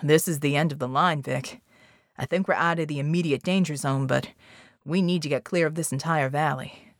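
A woman voicing a calm, practical male team member in an audiobook. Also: deep voice, normal speed, no room sound, studio quality, pitched below the performer's own voice.

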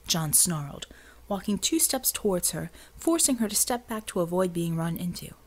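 A woman narrating an audiobook in a steady, even storytelling manner. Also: lowish voice, moderate pace. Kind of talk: scripted narration.

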